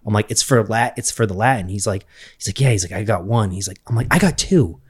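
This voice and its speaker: A man's voice: fairly low pitch, fast talker, husky. A young man telling a school story in casual chat, swearing a lot and acting out what people said. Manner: profane, animated storytelling with quoted voices.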